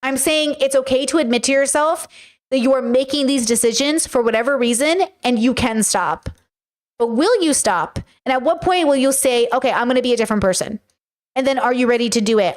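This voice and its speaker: A woman's voice: high voice, animated, brisk. An American woman talking frankly to viewers in a casual, rambling reaction commentary, now and then swearing. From United States. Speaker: commentator reacting to a reality show.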